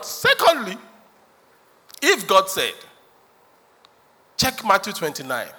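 A man's voice: sits high, wildly swooping pitch, slow, long pauses, bright, forceful tone. A man preaching a sermon as pastor, joking, acting out quotes and laughing often. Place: church hall. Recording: reverberant hall.

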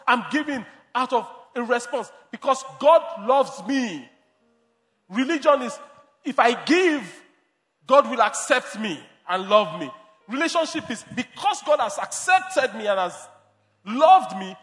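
A man's voice: very high-pitched, fairly bright tone, big-room sound. A man preaching a sermon as pastor, emphatic, repeating and restarting phrases.

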